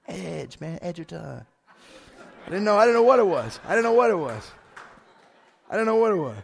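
Gravelly, high-voiced preaching man. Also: normal speed, long pauses, a little hiss or hum. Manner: excited, preaching with big swells in pitch and volume. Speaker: pastor. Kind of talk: sermon.

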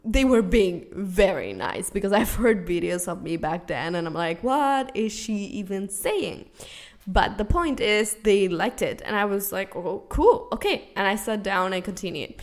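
A woman in her twenties from Spain, a native Spanish and Catalan speaker with a Spanish accent, hosting a podcast and telling a personal story in a casual, animated way with frequent laughter. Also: mid-range voice, moderate pace, hardly any pauses. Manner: animated, laughing often between phrases. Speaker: podcast host.

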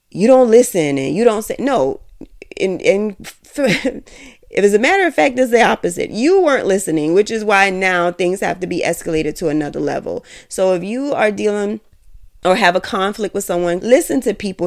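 A woman's voice: on the low side, gravelly. A woman hosting a solo podcast, giving candid, emphatic and rambling opinions. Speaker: podcast host.

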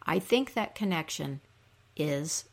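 A woman's voice: low voice, lively intonation, creaky. A woman retelling a myth in a casual, conversational storytelling style. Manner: unhurried, conversational.

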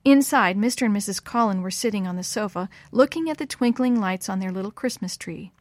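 Gentle woman reading a children's story. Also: medium pitch, brisk, dry recording.

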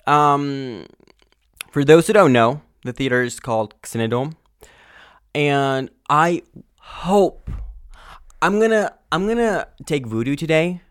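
A man's voice: a little high, takes it slowly, pauses often, smooth, no echo, clean studio sound. A young man hosting a casual podcast, ranting with lots of swearing and trailing off mid-sentence. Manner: animated, swears a lot, trails off and restarts. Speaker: podcast host.

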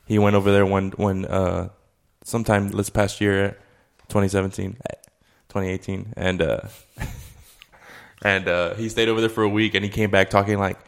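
Young male co-host, low gravelly voice, relaxed profane banter. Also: moderate pace. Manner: loose, profane, filler-heavy talk with lots of "like". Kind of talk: casual chat.

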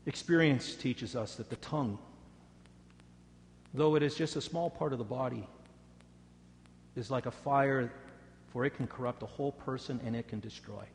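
A male pastor delivering a sermon, his mid-range voice rising for the dramatic parts and falling quiet and low for prayer. The sound carries a long church reverb. A faint hum sits underneath. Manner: dramatic storytelling, rising loud for quoted taunts, dropping soft for prayer.

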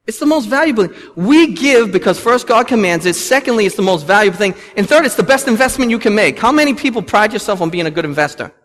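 A man in his thirties preaches in a high, bright-pitched voice, swinging up and down for emphasis and tossing questions out to the congregation. His words ring through a large church with a long reverb tail. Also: fast talker, few pauses. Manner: animated preaching, rising and falling with emphasis, asking the congregation questions. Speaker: pastor. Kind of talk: sermon. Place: church sanctuary.

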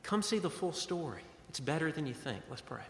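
A man's voice: fairly high pitch, very animated, a little fast, slight background noise. A man preaching a sermon as pastor, earnest and conversational, in a church sanctuary. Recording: echoey hall with long reverb.

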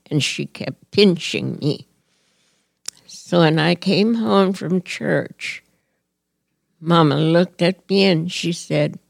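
An older woman from Hawaii recalls her childhood in an unhurried, earnest way, each phrase given plenty of room. Her low voice carries a gravelly texture. The recording is dry and close. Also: no room sound. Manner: slow, earnest, gently reflective telling. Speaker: storyteller. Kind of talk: personal reminiscence.

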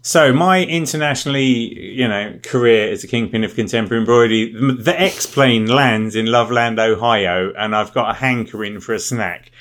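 A man's voice: mid-range voice, normal speed, hardly any pauses, fairly bright tone. A man co-hosting a casual podcast chat, joking around in a playful, self-mocking way. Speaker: co-host.

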